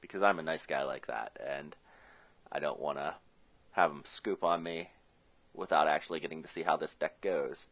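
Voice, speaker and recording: In a muffled, lo-fi clip, a man with a rumbling low, fairly bright voice talks at normal speed. He's from the US Rust Belt and narrates his own Magic match with jokes and chatter, thinking his plays through aloud.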